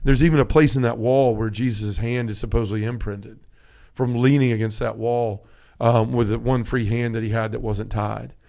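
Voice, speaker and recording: A man's voice: medium pitch, fairly even intonation, moderate pace, creaky, warm tone. A man hosting a casual conversational podcast, speaking in an earnest, heartfelt way with frequent restarts and self-corrections. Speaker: podcast host.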